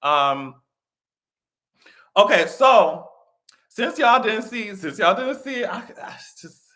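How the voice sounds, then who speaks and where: Profane, animated live-stream commentator. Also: medium pitch, slow pace. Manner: profane, animated, laughs often.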